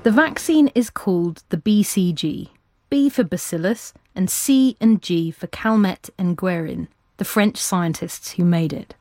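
A woman hosting and narrating a podcast, reading her script in a clear, composed way. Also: fairly low pitch, lively intonation, a little slow, a little mellow, no room sound, clean studio sound.

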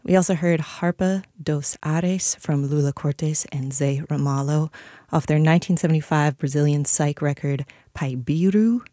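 A woman radio DJ back-announcing a music set in a relaxed, easy way, with soft breathy asides, on a studio mic. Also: low-pitched, normal speed, dry recording. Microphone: studio broadcast mic.

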